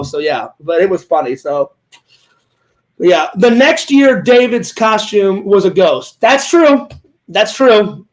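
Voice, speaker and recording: A man's voice: high voice, expressive, moderate pace, rough recording. A man hosting a casual interview, rambling through personal stories and acting out what others said, often repeating himself. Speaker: host. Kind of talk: casual chat.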